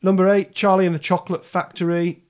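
A man's voice: sits high, little pitch movement, fast, a little mellow. A man hosting a casual chat, wry and self-deprecating, often trailing off with a laugh. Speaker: podcast host.

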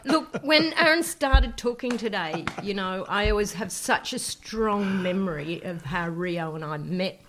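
A woman's voice: mid-range voice, lively intonation, measured pace, few pauses, slight background noise. A woman sharing an anecdote in a casual chat, laughing often as she tells it. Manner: laughing, warm storyteller.

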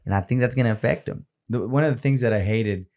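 Podcast guy, animated and swearing a lot, mid-pitched voice. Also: quick pace. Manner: animated, swears a lot, mixes in Spanish words. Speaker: podcast co-host. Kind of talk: casual chat.

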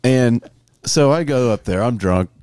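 A man's voice: mid-range voice, a little slow, noisy background. A young man, a comedian and podcast co-host, telling a profane story in a casual chat and acting out what people said. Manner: profane, animated retelling with acted-out quotes.

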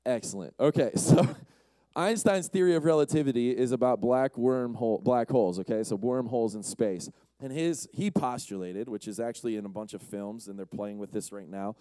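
A man's voice: mid-range voice, moderate pace, dark tone, clean tone, no room sound. A man giving a casual, conversational sermon to a live audience, often asking the crowd questions and acting out quotes. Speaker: youth speaker.

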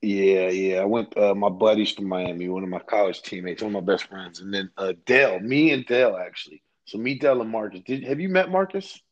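A man's voice: lowish voice, fairly quick, hardly any pauses, lo-fi sound. A young man co-hosting a podcast, telling rambling, profanity-laced stories in casual chat. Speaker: podcast co-host.

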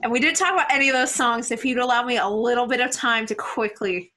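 A young woman co-hosting a casual music podcast, animated and quick with jokes and asides. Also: a little high. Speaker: podcast co-host. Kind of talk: casual album review chat.

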